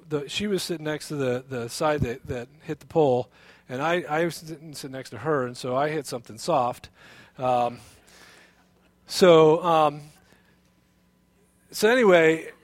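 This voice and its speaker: Man, pastor; lively storytelling sermon, a touch high, dry and close. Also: moderate pace, dry recording. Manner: animated storytelling, many restarts and fillers.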